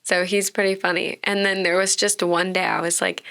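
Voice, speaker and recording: A woman's voice: lowish voice, little pitch movement, moderate pace, creaky, fairly bright tone. A young woman in her twenties with a Texan accent, a podcast guest chatting casually and telling stories, full of "like". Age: 20s. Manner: chatty storyteller, heavy use of "like". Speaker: podcast guest, bartender and content creator. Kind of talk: casual interview chat.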